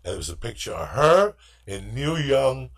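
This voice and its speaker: A man hosting a podcast, telling a story in a loud, animated and profane way. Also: medium pitch, brisk, gravelly. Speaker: podcast host. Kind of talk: casual storytelling chat.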